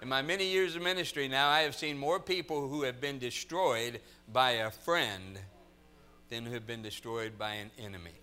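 A middle-aged man preaching a sermon, telling funny stories in an animated, joking manner. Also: mid-range voice, normal speed, clear, resonant tone. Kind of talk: sermon with humorous storytelling.

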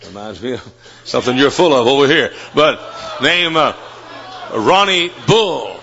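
A man's voice: medium pitch, expressive, measured pace, creaky, pushed and bright. A man preaching a sermon from a pulpit in a college chapel, telling folksy stories and then driving hard at his points. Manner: folksy storytelling, rising to emphatic preaching. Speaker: Baptist preacher. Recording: dull lo-fi recording.

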